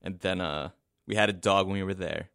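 Low-voiced laid-back man on a dry mic. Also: fairly even intonation, brisk, creaky, fairly bright tone, no echo. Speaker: podcast co-host. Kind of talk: casual storytelling chat.

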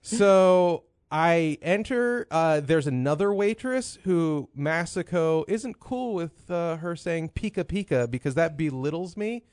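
A man's voice: on the high side, unhurried, few pauses, smooth, dry recording, clean studio sound. A man co-hosting a casual comedy podcast, telling stories and acting out what people said. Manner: animated storyteller, acts out quoted voices. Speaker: podcast co-host.

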